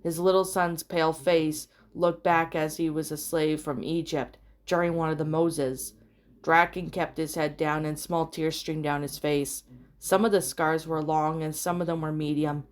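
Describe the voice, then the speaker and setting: Low-voiced woman reading a fan story. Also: measured pace. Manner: steady, plain storytelling delivery with small slips and rereads. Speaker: fan fiction reader. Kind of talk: reading fan fiction aloud. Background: soft background music.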